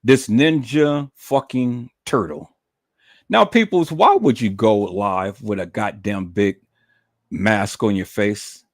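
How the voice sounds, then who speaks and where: Slow, mocking man ranting on a livestream. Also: fairly low pitch, no echo, clean studio sound. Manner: profane, mocking, repetitive. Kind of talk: livestream rant.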